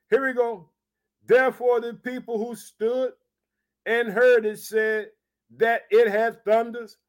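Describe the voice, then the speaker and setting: A man preaching a sermon, reading scripture aloud and breaking in with fervent exclamations. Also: high voice. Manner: fervent, repeats verses, exclaims "hallelujah" and "check it out".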